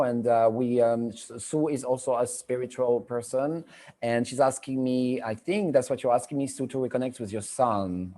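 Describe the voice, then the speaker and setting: A man's voice: mid-range voice, a little mellow. A middle-aged man with a French accent, hosting a live video-call show as a medium in a chatty, rambling way. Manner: chatty, rambling, repeats himself. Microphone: computer mic on a video call.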